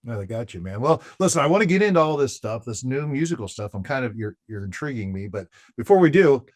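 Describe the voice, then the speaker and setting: An American man hosting a podcast, talking in a relaxed, casual way. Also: mid-range voice, fast, no room sound. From United States. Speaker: podcast host. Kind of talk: casual interview chat.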